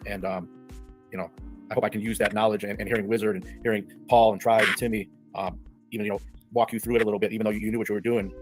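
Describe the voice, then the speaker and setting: A man's voice: fairly low pitch, flat delivery, racing, over music. A man on an online podcast panel, thanking everyone in a grateful, hesitant way. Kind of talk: casual call-in panel talk.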